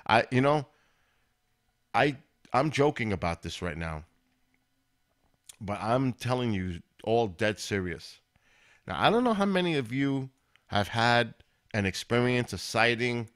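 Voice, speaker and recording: A man's voice: mid-range voice, a bit bright. Male stream host, mid-range voice, loose rambling chat aimed at viewers. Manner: chatty, talks straight to viewers in chat. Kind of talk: casual live-stream chat.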